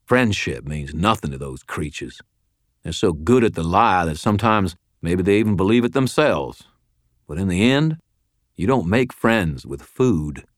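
Give me a gruff old wizard mentor, voiced by a man reading an audiobook, blunt and drawling as he lectures his former pupil. The voice sits somewhat above the reader's own deep register, with a stern, folksy edge. The recording is dry and close. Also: lively intonation, unhurried, dry recording. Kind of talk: audiobook character voice.

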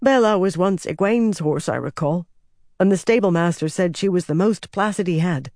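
A man's voice: high voice, normal speed, a little mellow, no room sound, clean studio sound. A man voicing an earnest young nobleman.

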